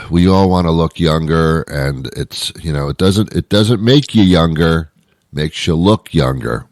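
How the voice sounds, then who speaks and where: Deep-voiced sarcastic host rambling. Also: male voice, no room sound, studio quality. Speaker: radio show host. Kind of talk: casual comic monologue.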